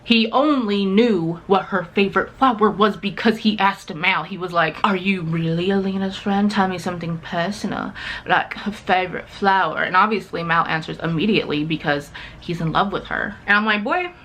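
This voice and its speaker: A woman recapping a TV series in a casual, gossipy vlog, animated and swearing freely. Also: lowish voice, normal speed, slight background noise. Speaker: book and TV vlogger.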